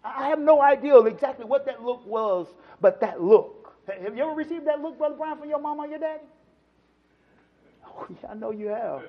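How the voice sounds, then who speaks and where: A man preaching a sermon, swinging from loud, emphatic lines to hushed ones and acting out the quotes. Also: extremely high pitch, brisk. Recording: dull lo-fi sound.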